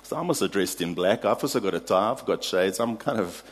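A South African man preaching a sermon, telling a lively personal story and laughing at his own anecdotes before drawing a lesson. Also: on the low side, fairly quick, breathy edge. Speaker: pastor.

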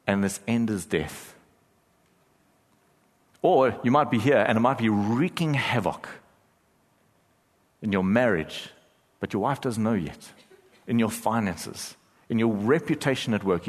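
A man with a fairly low voice preaches a sermon to his church, earnest and building in force. The sound carries a long reverb, the way a big church hall does. At times he drops to a hushed, prayerful tone. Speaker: pastor.

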